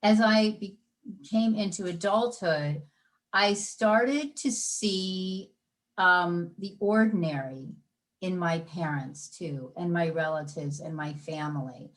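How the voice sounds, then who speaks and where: Animated middle-aged woman telling stories. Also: lowish voice, slow. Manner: animated storyteller, acts out inner voices. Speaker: podcast guest, life coach. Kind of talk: conversational interview.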